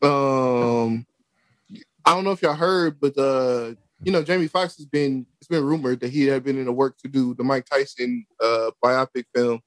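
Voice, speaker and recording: A man in casual chat, relaxed and hesitant, with frequent ums and restarts. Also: mid-range voice, moderate pace, no room sound.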